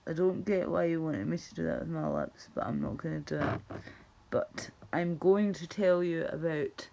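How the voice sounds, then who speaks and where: The livestreamer is a Scottish woman at home whose low, warm voice has vocal fry and a sing-song quality at a moderate pace. She chats casually with her viewers, swearing and laughing, and the stream audio sounds dull and lo-fi.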